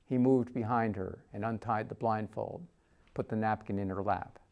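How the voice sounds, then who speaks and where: A man reading a literary short story aloud in a measured narrating voice. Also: on the low side, fairly even intonation, a little mellow. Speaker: reader.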